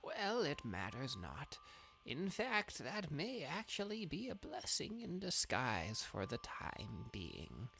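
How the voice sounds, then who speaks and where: A man voicing a very old wise woman elder who speaks slowly in a hushed, solemn way. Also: a little high, wildly swooping pitch, creaky, soft background music, exaggerated voice.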